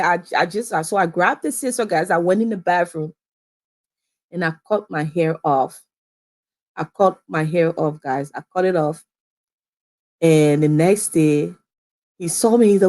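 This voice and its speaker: A woman's voice: mid-range voice, animated, normal speed, darkish tone. A young adult woman from Liberia telling a personal story to camera in a chatty, repetitive way, often calling viewers "guys". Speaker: vlogger.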